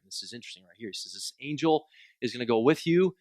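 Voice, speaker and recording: A man's voice: medium pitch, lively intonation, fast, a little mellow, no room sound. A man preaching a sermon in a conversational, joking way, acting out quoted complaints. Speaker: pastor.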